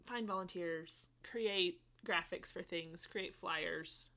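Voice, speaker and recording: A woman's voice: lowish voice, slow, bright, forceful tone. A young woman co-hosting a casual podcast, with dry, self-mocking humor and frequent laughs. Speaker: podcast co-host.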